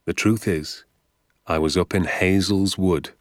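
A gentle, soft-spoken father, voiced by a man reading a storybook, talks in a hushed, measured way. His voice sits very low and moves slowly, heard close and dry. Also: fairly even intonation, no echo.

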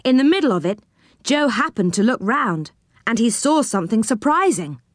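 Expressive woman reading a children's story. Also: moderate pace, no echo, clean studio sound. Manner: expressive, dropping low for speech tags.

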